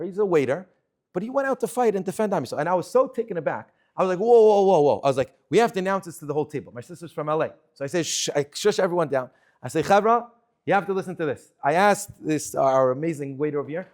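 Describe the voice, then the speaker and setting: Rabbi, male, animated class storyteller, rapid-fire delivery, slightly high voice, asides to the room. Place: class room with a live audience.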